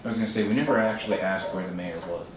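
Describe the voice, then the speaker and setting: A man's voice: fairly low pitch, rapid-fire, very echoey, recorded from a distance, background noise. A man playing a tabletop game, talking playfully and hesitantly in and out of character. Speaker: player.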